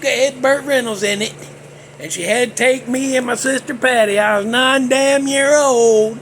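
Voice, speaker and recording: A man's voice: extremely high pitch, moderate pace, a bit bright, slight background noise. A man, hosting a casual movie talk vlog as a folksy, joking storyteller. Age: 60s. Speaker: host.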